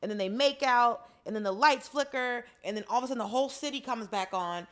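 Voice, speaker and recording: A woman co-hosting a podcast in casual chat, chatty with playful asides and quick reactions. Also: on the high side, a bit bright. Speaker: podcast co-host.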